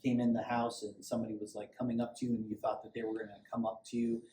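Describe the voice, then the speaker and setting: A man's voice: medium pitch, flat delivery, quick pace, warm tone. A middle-aged man, a police sergeant, giving a loose, conversational safety training talk to a small group and acting out little quotes as he goes. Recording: echoey room, distant mic, faint hiss.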